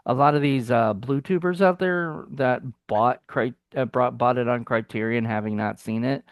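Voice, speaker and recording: A man's voice: mid-range voice, normal speed, clear, resonant tone, no room sound. Dry-sounding rambling male reviewer. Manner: rambling, lots of fillers and restarts. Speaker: film review co-host. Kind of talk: casual chat.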